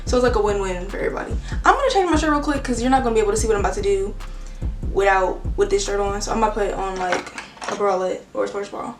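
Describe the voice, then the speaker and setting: A young beauty vlogger chats casually while cutting a wig in a hair tutorial, full of slang and fillers like "like." Her mid-range voice races and sounds out of breath, far from the mic. The recording has roomy echo and faint music.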